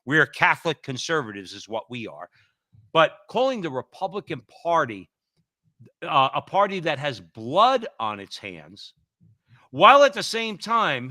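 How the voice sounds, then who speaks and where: Guy co-hosting a talk show, worked up, bright voice, pitch jumping all over. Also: no room sound, studio quality. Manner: heated, emphatic, repeats himself. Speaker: co-host. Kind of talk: political talk show banter.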